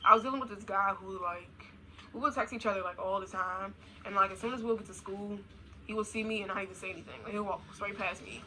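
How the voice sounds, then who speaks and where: Young woman venting on her vlog, bright voice, lots of slang and swearing, says stuff over and over, faint hiss behind. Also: mid-range voice, fast, rough recording. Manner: blunt, slangy, profane; repetitive, emphatic. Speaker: vlogger. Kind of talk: casual rant.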